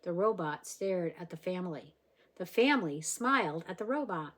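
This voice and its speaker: A woman reading a children's novel aloud, expressive and gentle, with small slips here and there. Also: lowish voice, moderate pace. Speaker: reader.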